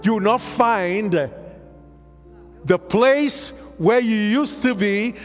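A high-pitched man preaching slowly, drawing out each phrase and calling the congregation to answer him. His voice rings through a long hall reverb over soft music. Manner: call-and-response preaching, drawn-out emphatic phrases. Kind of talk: sermon.

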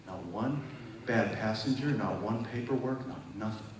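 A man preaches a testimony sermon to a congregation in a mid-range voice at normal speed, telling his story vividly. He acts out phone calls and climbs to loud, emphatic peaks. The recording sounds distant, echoey, and noisy, as if captured in a hall.

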